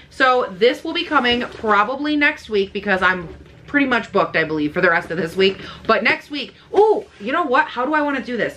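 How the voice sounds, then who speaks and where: A young woman vlogging as she unboxes makeup, gushing and excitable, swearing freely. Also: medium pitch, slight background noise. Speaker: beauty vlogger. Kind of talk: casual unboxing chat.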